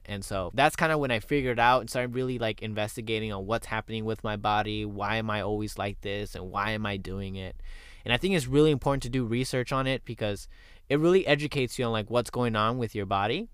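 A man's voice: lowish voice, a bit bright, smooth, no room sound, clean studio sound. A young man hosting a podcast, telling stories in a candid, profane, casual chat. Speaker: podcast host.

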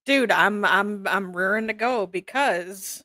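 A man co-hosting a gaming live stream, chatting in an excited, teasing way. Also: sits high, slow, dry recording, clean studio sound. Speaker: podcast co-host. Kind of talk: casual live-stream chat.

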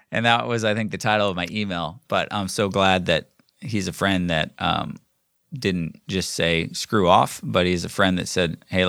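A man's voice: sits low, vocal fry, a bit bright, no echo, studio quality. Rambling man telling a casual story. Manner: rambling, many fillers and restarts. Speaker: podcast host. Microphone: recording himself solo.

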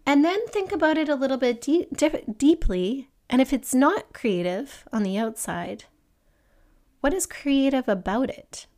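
Woman podcast host, somewhat high voice, earnest and encouraging, reflective solo talk. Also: a little slow. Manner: earnest, gently encouraging, asks the listener questions; acts out an excited child in a higher voice.

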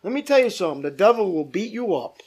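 A man's voice: high-pitched, big pitch swings, quick pace, darkish tone, slightly rough. A male pastor leading a Bible study, teaching emphatically, repeating points and asking the group questions.

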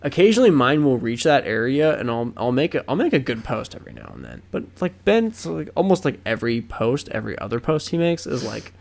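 A man's voice: mid-range voice, wildly swooping pitch, a little fast, creaky, hardly any pauses, a little mellow. A young man co-hosting a podcast in casual chat, rambling and swearing with lots of fillers and restarts. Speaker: podcast co-host.

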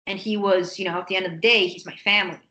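A woman telling a personal story in a casual interview, animated and acting out other people's lines. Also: medium pitch, quick pace, poor audio. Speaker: guest.

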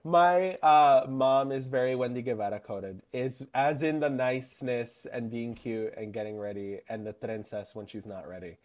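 A man's voice: mid-range voice, normal speed, hardly any pauses, a little mellow. A young man co-hosting a podcast in casual chat, chatty and often laughing as he talks. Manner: chatty and giggly, often laughing mid-sentence. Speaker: podcast co-host.

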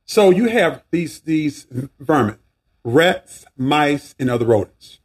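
A man with a Southern accent hosts a faith podcast, speaking casually but preachily and with animation. His husky voice moves slowly, swinging widely in pitch, with frequent asides and restarts.

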